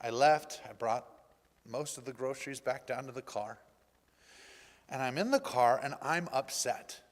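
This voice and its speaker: A male pastor giving a personal testimony in a church, telling his story in an animated way and acting out the dialogue. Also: medium pitch, a little slow. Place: church sanctuary. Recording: reverberant church hall.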